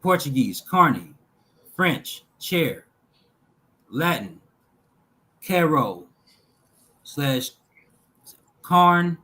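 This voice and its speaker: A man slowly reading lists of words aloud from a text, pausing between each item in a measured way. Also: a little high, animated, pushed and bright, poor audio. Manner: slow, measured reading with pauses between list items. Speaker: talk show host reading linguistic examples.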